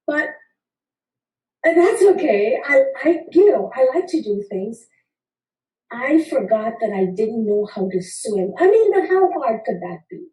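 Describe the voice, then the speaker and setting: A woman's voice: a little high, sing-song, measured pace, mellow. A woman in her fifties telling a funny personal story to an audience, playful and acting out the people in it. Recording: roomy sound from a distant mic.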